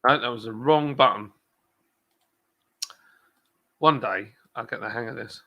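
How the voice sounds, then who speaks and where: Gravelly chatty British-sounding man. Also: medium pitch, measured pace, highs cut off. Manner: chatty, self-deprecating, rambling with many fillers. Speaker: brewery livestream host. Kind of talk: casual live chat reading comments.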